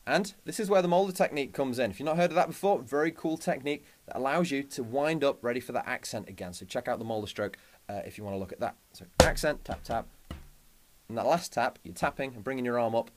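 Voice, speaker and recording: A man's voice: mid-range voice, fast, very noisy. A man teaching a drum lesson, upbeat and chatty, counting out sticking patterns aloud. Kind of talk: instructional lesson. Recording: loud drumming behind voice. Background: loud drums.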